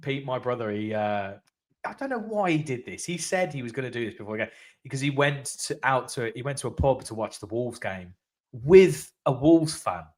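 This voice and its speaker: A man's voice: medium pitch, lively intonation, moderate pace, darkish tone. A man co-hosting a casual football podcast, teasing and jokey. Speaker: podcast co-host.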